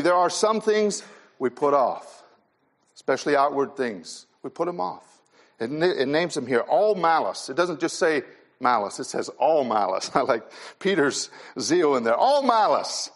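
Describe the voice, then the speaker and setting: Guy preaching to young folks, kinda high voice, earnest, keeps repeating the big words. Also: lively intonation, normal speed. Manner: earnest, repeats key phrases for emphasis. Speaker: pastor. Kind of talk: sermon to a youth conference.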